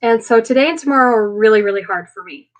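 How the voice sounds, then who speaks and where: Speaking fast in a high-ish voice, this woman runs a laid-back live chat with viewers. Still recovering from an illness, she comes across as worn out and emotional, chatty and rambling with plenty of filler words.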